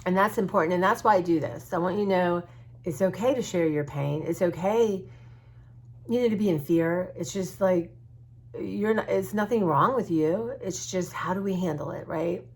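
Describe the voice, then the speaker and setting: Woman, husky low voice, casual vlog chat at home, rambling, open-hearted. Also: moderate pace. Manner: rambling, open-hearted, talks in restarts and fillers. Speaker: art journaling vlogger.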